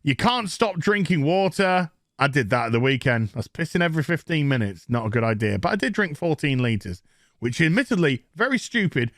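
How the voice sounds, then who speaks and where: A man's voice: fairly high pitch, sing-song, a little fast, fairly bright tone, dry recording, studio quality. A man with a Northern English accent recapping a TV episode in a crude, mocking rant, putting on silly voices for the characters. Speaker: TV show reviewer.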